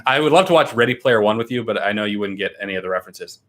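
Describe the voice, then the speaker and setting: A man's voice: on the low side, lively intonation, racing. A young American man hosting a casual livestream, chatting eagerly and reading out viewer comments. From United States. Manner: enthusiastic, chatty, reads comments aloud. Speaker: livestream host.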